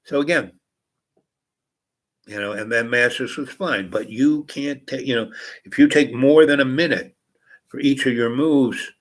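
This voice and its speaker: A man's voice: mid-range voice, measured pace, pauses often, rough recording. A man casually telling a long personal anecdote, rambling with many fillers and restarts. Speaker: host.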